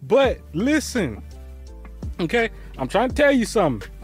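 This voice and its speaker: A man hosting a reaction show, giving loud, animated commentary and swearing freely. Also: sits high, measured pace, husky, faint music behind. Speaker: host.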